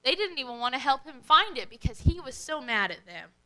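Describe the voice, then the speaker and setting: A woman leading a children's worship lesson, speaking in an animated, sing-song way to kids. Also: high voice, fairly quick, rough recording.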